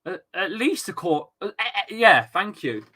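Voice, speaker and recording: A man hosts a live football watchalong, talking straight to his viewers in a loose, chatty way. His voice is bright and forceful, and he swings between easy banter and shouted, sweary outbursts at the play. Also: high-pitched, moderate pace, husky. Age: adult with a young son. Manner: excitable, shouts and swears at the match, chats with viewers. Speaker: livestream watchalong host.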